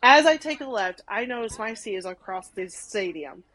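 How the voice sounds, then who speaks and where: A young woman from Arkansas, a podcast guest telling a story in animated casual chat, full of "like" and acted-out quotes. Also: on the high side, normal speed, poor audio. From Arkansas, USA. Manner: animated, many "like"s, acts out quotes.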